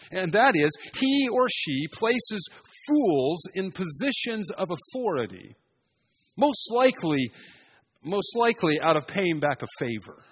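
Husky guy preaching a sermon, kinda high voice, gets loud then goes quiet. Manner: expository preaching with rising emphatic passages and quiet asides.

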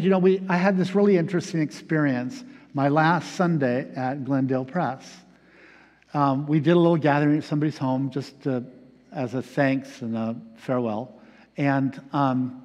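A man preaching a reflective sermon as pastor, pausing often with fillers. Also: mid-range voice, a little mellow. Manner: reflective, halting with many fillers. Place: church sanctuary. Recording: long reverb of a large hall.

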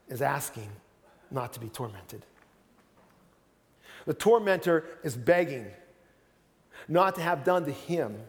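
A man's voice: medium pitch, a little mellow, in a large hall. A man preaching a sermon as pastor, earnest, often repeating words as he starts a sentence.

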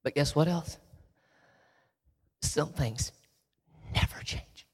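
Texan man guest speaker, husky, storytelling that drops into whispers, long hall echo. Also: fairly high pitch, slow pace. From Texas. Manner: shifts from lively storytelling to soft emotional whispers. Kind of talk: inspirational storytelling talk.

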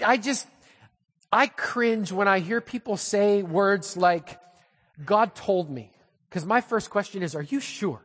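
A male pastor preaching a sermon with animated, humorous storytelling, recorded in a church hall with long reverb. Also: sits high.

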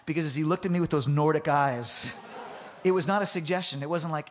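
A man preaching a sermon, telling a funny personal story in an animated way, laughing often and restarting his sentences. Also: on the high side, brisk, background noise. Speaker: pastor.

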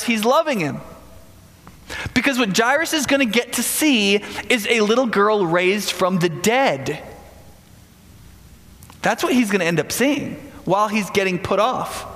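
A man delivers a sermon with a high, lively voice that jumps around in pitch. His tone has a gravelly edge, and he keeps throwing rhetorical questions at the listeners. The sound carries a long hall reverb. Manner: animated, conversational, frequent rhetorical "right?". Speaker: preacher.

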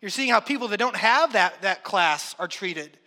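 A man's voice: high-pitched, expressive, normal speed, pushed and bright. A man preaching a sermon, reading scripture and then talking it through in a conversational way, acting out everyday voices. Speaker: pastor. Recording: long hall reverb.

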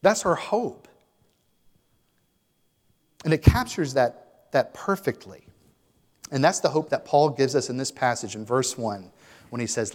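A man's voice: mid-range voice, normal speed. A man preaching a sermon as a pastor, earnest and emphatic. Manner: earnest, emphatic, building to exhortation. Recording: long hall reverb.

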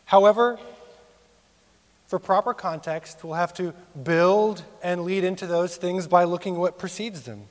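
A man in his thirties preaching a sermon, rising sharply for emphasis and dropping low and quiet on serious points. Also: unhurried, big-room sound. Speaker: pastor.

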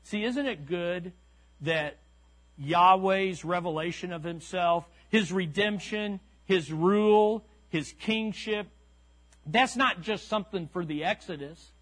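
A man's voice: high voice, a bit bright. A man preaching a sermon, emphatic and repetitive, calling out to the congregation. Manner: emphatic, repeats key lines slowly; calls to the congregation. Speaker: pastor.

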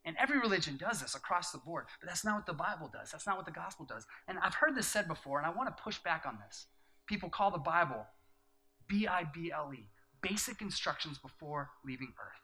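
A middle-aged man, a pastor, telling a personal story in a sermon, earnest and hushed in the story and emphatic when he preaches. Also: fairly high pitch, lively intonation, a little fast, poor audio.

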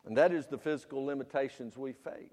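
A man, preaching a sermon with loud emphatic bursts and quieter asides. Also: mid-range voice, quick pace, in a large hall. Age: 50s. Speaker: pastor.

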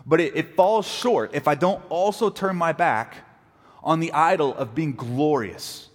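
A man preaching a sermon as pastor, animated, acting out quoted apologies and arguments. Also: a little high, measured pace. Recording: long reverb of a large hall.

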